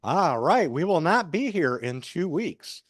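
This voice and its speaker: A man hosting a cafe open mic, making announcements with lots of halting fillers. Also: on the high side, sing-song, dry recording, clean studio sound. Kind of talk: event announcements. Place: small cafe.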